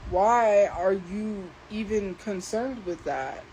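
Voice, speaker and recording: A woman on her livestream, venting at commenters in a defensive, exasperated way. Her voice sits at an everyday middle pitch, with a faint hum of noise behind her. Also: slow, a little mellow, poor audio. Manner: defensive, exasperated, talking back to chat. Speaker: livestream host. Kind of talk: casual livestream ranting.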